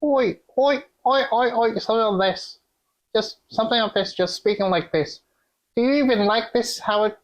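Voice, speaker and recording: A man doing a high-pitched, exaggerated impression of a film villain's twangy voice. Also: level tone, fast, hardly any pauses, rough recording. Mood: mocking.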